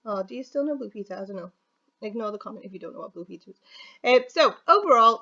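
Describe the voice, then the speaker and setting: A woman's voice: medium pitch, fast, pushed and bright. A woman from the UK who teaches English, talking through an exam answer in a chatty, informal recorded video lesson. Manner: chatty, informal, thinks aloud with fillers. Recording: slightly dull, lo-fi audio.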